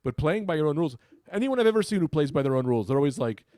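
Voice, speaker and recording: A man's voice: on the high side, very animated, very fast, dark tone, no echo, clean studio sound. Goofy riffing male podcast co-host. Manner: goofy, riffing, jumps between bits. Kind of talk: casual comedic chat.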